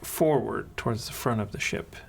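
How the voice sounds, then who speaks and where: Gravelly man narrating as game master. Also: fairly low pitch, moderate pace, slight background noise. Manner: hesitant, many fillers and restarts. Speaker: dungeon master.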